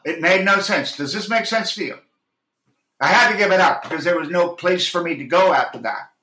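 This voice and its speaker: A man speaks with intense earnestness, fumbling and restarting as he reflects on his craft. His voice is bright and forceful and sits a little high. The room around him is noticeably echoey. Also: a little fast. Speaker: actor and audiobook narrator, guest. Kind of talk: reflective interview talk.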